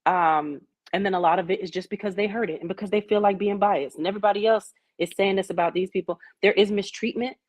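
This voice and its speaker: A young adult woman from Jamaica hosting a casual group discussion, speaking candidly and telling personal stories with animated asides. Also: medium pitch, fast talker, hardly any pauses, no room sound.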